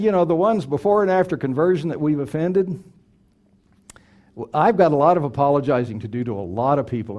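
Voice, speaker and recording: Middle-aged male preacher, mellow voice, emphatic delivery. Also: medium pitch. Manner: earnest, emphatic, repeats key phrases. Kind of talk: sermon.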